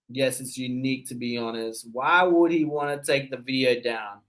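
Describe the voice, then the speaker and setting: A man with an Australian accent tinged by his parents' Seychellois English, hosting a casual livestream, chatting and answering viewer comments in a relaxed way with easy laughs. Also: mid-range voice, moderate pace, few pauses. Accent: Australian, mixed with his parents' Seychellois English. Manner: relaxed and conversational, with easy laughs and frequent fillers. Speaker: livestream host.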